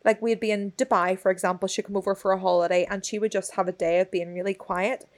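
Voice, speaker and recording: A woman, telling a story in casual chat, expressive and swearing freely. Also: mid-range voice, quick pace. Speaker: podcast co-host.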